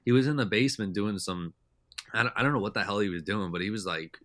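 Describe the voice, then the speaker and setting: A man with a very low voice, speaking as a guest on a podcast. He tells his stories in a loose, rambling way, with a bright, forceful tone. The sound is dry and close. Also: quick pace, no room sound. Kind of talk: casual storytelling chat.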